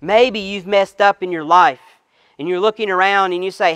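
A pastor preaching outdoors to a congregation in their cars, reading scripture and then stressing key phrases slowly and with repetition. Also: male voice, sits high, fairly even intonation, a bit bright, clear, resonant tone, dry recording. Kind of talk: sermon. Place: outdoor drive-in service to people in cars.

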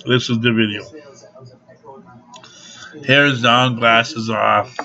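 Slow, tense man ranting profanely. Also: mid-range voice, little pitch movement, gravelly, bright, forceful tone. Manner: laughs through the anger. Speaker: vlogger. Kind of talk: ranting to camera. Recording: dull lo-fi recording.

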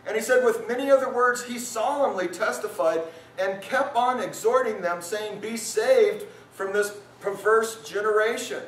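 A male pastor preaching a lively sermon at a men's retreat, his voice climbing when he acts out the crowd. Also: moderate pace, a little hiss or hum. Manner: animated, voice rises high when acting out listeners. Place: conference hall at a retreat. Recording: roomy hall sound, mic from a distance.

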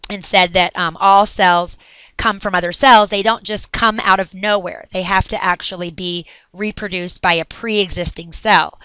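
Woman, teacher, upbeat and chatty, bright tone, dry close sound. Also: mid-range voice, clean tone, no echo. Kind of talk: recorded classroom lesson.

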